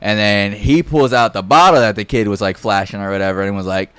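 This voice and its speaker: A man's voice: on the low side, a little fast, a bit bright, clean tone, no room sound. A young man telling a casual, rambling story on a podcast, full of fillers and swearing. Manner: rambling, heavy fillers and profanity.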